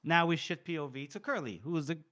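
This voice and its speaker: A young man co-hosting a podcast, casually retelling a book chapter with quick voiced quotes and laughs. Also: on the high side, expressive, a bit bright. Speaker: podcast co-host.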